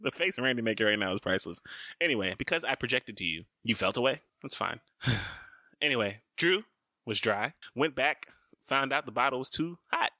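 A man's voice: mid-range voice, animated, brisk, bright, forceful tone, no room sound. A young man co-hosting a casual chat, animatedly acting out his own lines as he tells a story. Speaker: podcast co-host.

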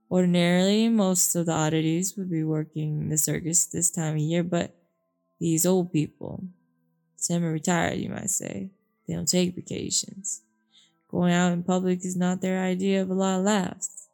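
A nervous, fast-talking carnival showman who stammers and pushes his words out loud and eager, as a woman reading aloud puts him on. The voice is gravelly and dark. Soft music plays behind. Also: fairly low pitch, flat delivery.

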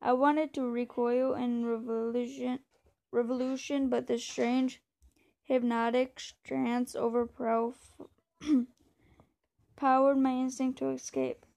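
A woman reading a novel aloud in a steady, measured way, now and then stumbling over a word. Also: sits high, gravelly. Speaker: reader.

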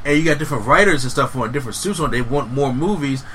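Animated bright-voiced man. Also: mid-range voice, fast, a little hiss or hum, low-quality recording. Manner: animated, emphatic, swears freely, many restarts. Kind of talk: casual podcast chat about horror movies.

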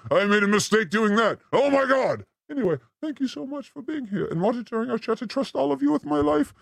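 A man's voice: vocal fry, no echo, studio quality. Theatrical man hosting with wild swings. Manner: playful, theatrical, swings between high and low voice. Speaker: show host. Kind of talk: comedic live-stream chat.

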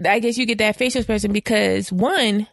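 A woman's voice: medium pitch, fairly even intonation, fairly quick, gravelly, no echo, studio quality. A woman co-hosting a podcast, chatting casually in a sassy, playful way. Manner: sassy, playful, laughs often, acts out quoted lines. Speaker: podcast co-host. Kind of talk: casual chat.

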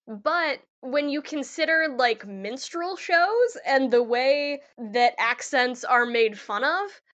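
A woman with a high, bright, sharp voice talks in relaxed podcast chat. She rants candidly and laughs easily. The recording is a bit dull and lo-fi. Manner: candid, ranting, laughs often. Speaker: podcast co-host. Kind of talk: casual chat.

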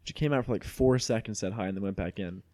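A man's voice: on the low side, quick pace, a little mellow, no echo. A young man from Mexico hosting a podcast, telling a story in casual chat. He talks animatedly, laughs often and swears freely. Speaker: podcast host.

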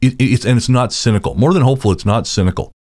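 A man's voice: medium pitch, racing, a little mellow, slight background noise. A man interviewing a fellow podcaster, speaking earnestly with many restarts. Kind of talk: casual interview chat.

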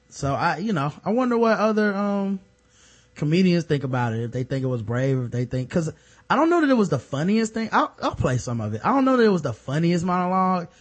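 Hesitant podcast host man. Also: fairly high pitch. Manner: hesitant, lots of um and you know. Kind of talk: casual chat.

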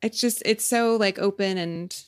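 A woman's voice: mid-range voice, normal speed, smooth. Woman, thirties, podcast co-host, giggly and chatty, loose casual delivery. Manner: giggly, chatty, trails off with fillers. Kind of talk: casual chat.

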